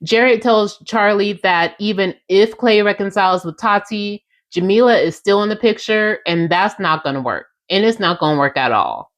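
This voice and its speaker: A young woman talks through a reality show on her casual podcast, acting out quotes with plenty of sass and addressing her listeners directly. She speaks at a medium pitch and normal speed, with few pauses.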